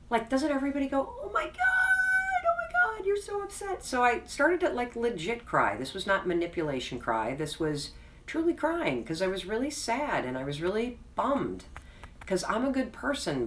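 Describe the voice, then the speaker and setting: A woman hosts her own video, telling a personal story to camera in a frank, chatty, self-deprecating way before closing with an earnest, reassuring pep talk. Her mid-range voice is sing-song, at a moderate pace, and she's far from the mic.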